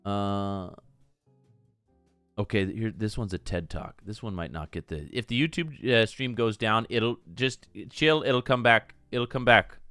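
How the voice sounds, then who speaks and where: A man hosting a casual live stream, rambling and excitable with frequent swearing. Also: fairly low pitch, measured pace, clear, resonant tone, no echo, soft background music. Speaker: streamer host.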